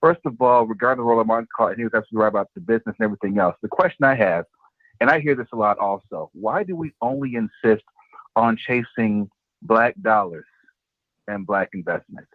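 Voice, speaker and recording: Male caller, polite, brisk question, tinny dry phone. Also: on the low side, dry recording. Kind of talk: call-in question.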